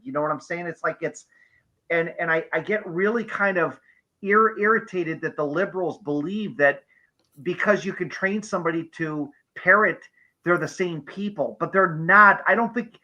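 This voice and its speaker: A man's voice: on the high side, bright, forceful tone, low-quality recording. A man in a casual live-stream discussion who talks emphatically, agrees often and keeps checking with "you know what I'm saying".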